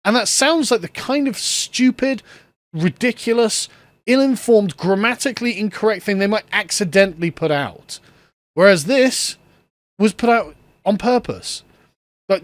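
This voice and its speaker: A man's voice: high-pitched, animated, normal speed, dry recording. A man giving sarcastic solo political commentary, ranting and laughing often as he talks.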